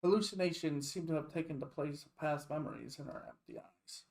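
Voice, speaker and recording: A man streaming a game, reading its story text aloud in a slow, deliberate way. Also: a little high, vocal fry, a little mellow.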